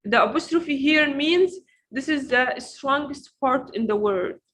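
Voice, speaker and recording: A woman teaching pronunciation in an online lesson, repeating each word slowly to drill it. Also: high-pitched, a bit bright, a little hiss or hum, rough recording. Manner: slow, repeats words to drill them.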